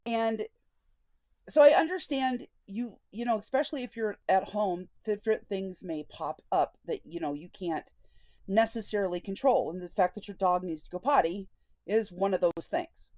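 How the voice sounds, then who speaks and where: A woman's voice: medium pitch, moderate pace, warm tone, no echo. A woman speaking as a vlogger, telling a personal story candidly and with indignation, and often quoting conversations. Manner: candid and indignant, with frequent quoted dialogue.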